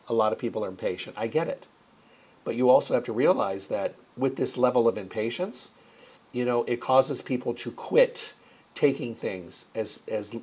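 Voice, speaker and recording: A man's voice: medium pitch, darkish tone. A man talking casually in a mid-range voice, rambling on with plenty of fillers and restarts. The recording is slightly dull and lo-fi. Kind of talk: casual promotional talk.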